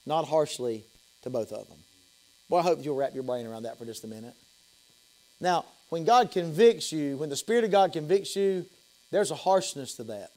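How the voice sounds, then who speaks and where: A man, a pastor preaching an evening sermon in a church. His preaching swings between high, loud passages and soft, low ones, and he often repeats and restarts phrases. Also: lively intonation, a little fast, low-quality recording. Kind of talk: evening sermon with altar call. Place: church sanctuary.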